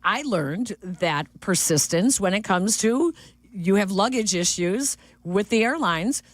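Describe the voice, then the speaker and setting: A woman co-hosting sports radio, chatty and animated, with lots of fillers and restarts. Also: medium pitch, takes it slowly, no echo. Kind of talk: casual sports talk. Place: radio studio. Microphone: studio mic.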